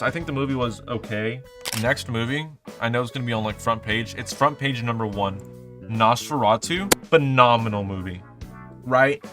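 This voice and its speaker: A man's voice: medium pitch, a bit bright. A young man in his twenties reviewing movies in casual, rambling chat, full of fillers and swearing. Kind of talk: casual vlog commentary.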